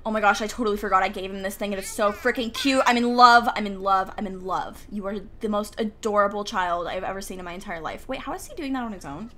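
Talking fast with hardly any pauses, this young woman gives casual, chatty, giggly commentary on a life-sim game and speaks to her characters. She's a gaming YouTuber with a medium-pitched, slightly bright voice, recording in a home room with the window open. Slight background noise and faint outdoor ambience are audible.

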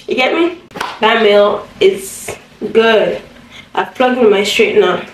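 A young woman vlogging from home to her phone, chatty and sassy with sudden high exclamations. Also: takes it slowly, slight background noise, poor audio. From Nigeria. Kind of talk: casual vlog chat to camera. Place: home, indoors.

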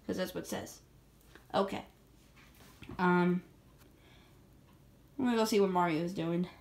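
A woman voicing a dim, cheerful male dinosaur in a homemade toy-figure video, with slow, rambling speech. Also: lowish voice, darkish tone, a little hiss or hum. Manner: slow, rambling, easily distracted.

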